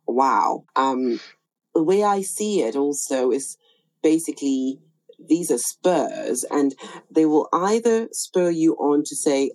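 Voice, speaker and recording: Interview host, woman; low, mellow voice, thoughtful and measured delivery. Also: animated, poor audio. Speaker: podcast host. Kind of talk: reflective interview talk.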